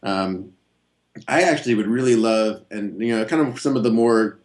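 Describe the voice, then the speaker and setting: A man being interviewed as a guest guitarist, talking in a relaxed, rambling way with many fillers and restarts. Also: on the low side, normal speed. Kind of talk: casual interview chat.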